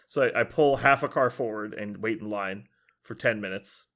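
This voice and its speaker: A man's voice: lowish voice, moderate pace, fairly bright tone. Young man telling a casual story. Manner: profane, laughs while telling stories. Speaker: podcast host.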